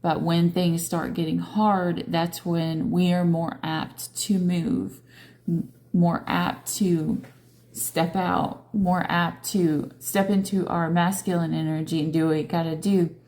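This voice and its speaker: A tired woman tarot reader speaks slowly and unhurriedly, in a low, mellow voice. She talks casually to her viewers, often checking in with them with little questions. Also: level tone. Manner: slow, conversational, coaxing questions to viewers. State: tired, yawning. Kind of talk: casual spiritual tarot reading.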